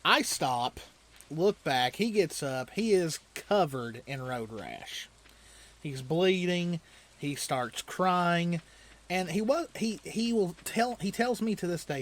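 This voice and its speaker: A man hosting a let's play, casually telling a long story while he plays a video game, often chuckling and rambling with restarts. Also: on the high side. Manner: loose, rambling delivery with restarts.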